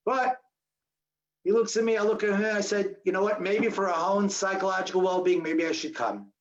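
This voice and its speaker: A man telling a survival story to an audience, acting out the dialogue with sudden jumps in his voice. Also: moderate pace. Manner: animated, acts out quoted dialogue with sharp pitch jumps. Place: audience hall. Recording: dull lo-fi recording.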